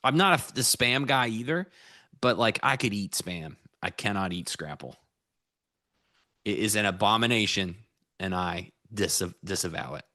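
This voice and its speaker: A man's voice: on the low side, unhurried, no room sound, studio quality. A man co-hosting a live trading stream, joking and chatting casually. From Pennsylvania. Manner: joking, animated storyteller. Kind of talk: casual chat.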